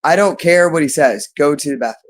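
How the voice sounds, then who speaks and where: A man's voice: fairly high pitch, a little fast. A man with a slightly raised voice who speaks off the cuff on a livestream. He swears constantly and loops the same words in long, insistent runs. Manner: repeats phrases over and over, heavy swearing. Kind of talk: unscripted livestream monologue.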